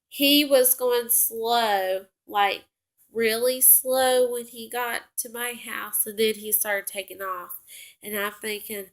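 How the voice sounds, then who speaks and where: A young woman recounts a story from her own life in a slow, unhurried way. She rambles and corrects herself often, with plenty of fillers, at an ordinary middle pitch. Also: pushed and bright. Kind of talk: casual personal story.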